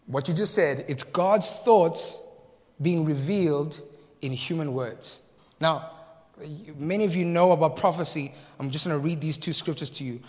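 A pastor from South Africa delivers his sermon in a fairly high voice that rings through a large hall with a long reverb. He tells lively anecdotes, laughs at his own jokes and puts questions to the congregation. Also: normal speed. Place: church hall.

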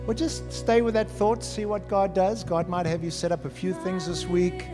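Youth pastor, man, slightly high voice, preaching with energy, long hall reverb. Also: music in the background. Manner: animated, talks to the audience directly with quick acted asides. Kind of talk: youth sermon.

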